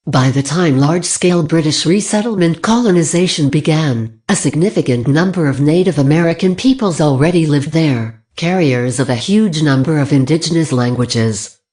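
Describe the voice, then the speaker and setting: A text-to-speech woman's voice reading a scripted lecture in an even, read-aloud way. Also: low voice.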